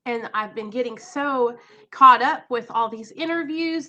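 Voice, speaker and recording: A woman's voice: on the high side, measured pace, sharp tone. A young woman, chatting casually and emotionally on a home live stream, nervous and rambling. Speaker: vlogger.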